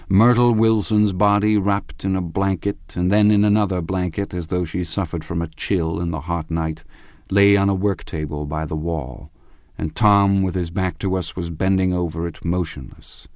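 Deep-voiced man narrating an audiobook. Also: no echo. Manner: measured, even storytelling delivery.

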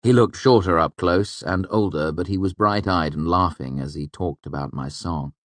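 A man's voice: low voice, moderate pace, no room sound. A man reading a first-person novel aloud as an audiobook narrator. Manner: expressive first-person storytelling. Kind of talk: scripted narration.

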